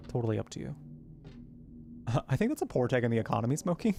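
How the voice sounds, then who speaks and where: Gravelly-voiced chatty man gaming. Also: mid-range voice, very animated, fast, long pauses, noisy background. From Arizona. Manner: rambling, chatty, coos at his cat. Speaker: gaming streamer. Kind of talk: casual chat while playing a game.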